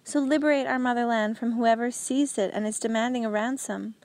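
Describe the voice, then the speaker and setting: Lady doing a stubborn prisoner guy in an audiobook, blunt and earnest, bit high. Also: steady tone, brisk, a little mellow, no echo, close to an everyday voice. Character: outspoken male prisoner farmer, stubborn and earnest. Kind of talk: audiobook character reading.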